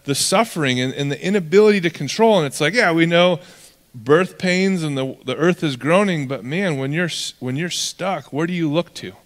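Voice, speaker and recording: Male pastor from California, relaxed and jokey in the pulpit, slightly higher voice. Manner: casual, joking storyteller. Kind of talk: sermon.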